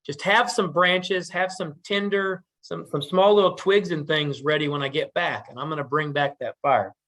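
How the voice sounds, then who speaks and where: A man's voice: a little high, steady tone, moderate pace, fairly bright tone, natural voice. A man voicing a determined, clever young grandson setting out on a quest. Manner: earnest, determined.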